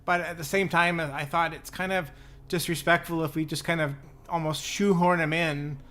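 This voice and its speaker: Male co-host, slightly high pitch, casual and hesitant, trails off mid-thought. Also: steady tone, normal speed, fairly bright tone. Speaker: podcast co-host. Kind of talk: casual podcast chat.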